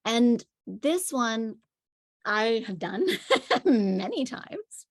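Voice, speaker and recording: A woman's voice: a little high, sing-song, drawn-out words. A woman parenting coach giving a conversational teaching talk, telling stories with frequent fillers. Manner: chatty storytelling with frequent fillers.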